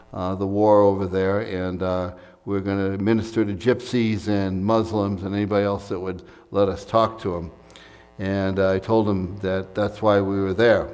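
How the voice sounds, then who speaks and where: A man's voice: on the low side, darkish tone, clear, resonant tone, long reverb tail. An American man preaching a sermon in a conversational way, with fillers and asides, recorded in a church sanctuary. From United States. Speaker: pastor.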